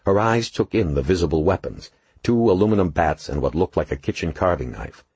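A man narrating an audiobook in an expressive, measured storytelling manner. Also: sits low, breathy edge, no room sound. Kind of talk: scripted narration.

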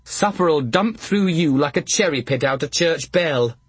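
A sharp-tongued young jester with a quick, bawdy, mocking way of talking, as a man voices him in a storybook reading. His voice is husky, and the recording is close and dry. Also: on the high side, lively intonation, dry recording, voice pushed up. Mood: teasing.

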